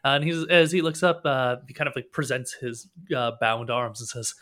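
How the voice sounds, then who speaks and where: A man narrating as game master of a tabletop game, describing scenes in a relaxed, loosely improvised way. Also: medium pitch, moderate pace.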